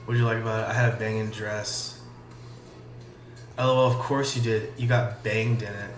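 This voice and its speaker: A man's voice: on the low side, moderate pace. A man casually reading a chat log aloud and giving sarcastic, profane comments on it. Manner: sarcastic, swears, reads lines flatly. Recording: echoey room with faint music.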